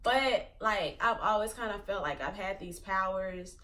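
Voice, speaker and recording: A woman's voice: mid-range voice, measured pace, bright, forceful tone, far from the mic. A woman in her twenties telling a personal story to her channel in a rambling way, full of "like" fillers. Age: 20s. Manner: rambling, filler-heavy retelling with many "like"s. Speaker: vlogger. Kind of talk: casual storytelling.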